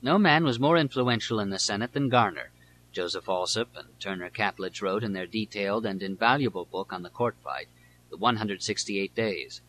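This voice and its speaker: A man with a lowish voice narrates a nonfiction audiobook in a measured, deliberate read. His tone is bright and pressing, with a forceful edge. A faint hum sits under the recording. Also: rough recording.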